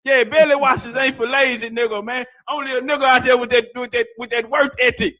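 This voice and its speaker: Very high-pitched man in loud banter. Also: fairly even intonation, brisk. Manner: loud, laughing, swearing banter. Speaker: reaction streamer. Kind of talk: casual reaction commentary.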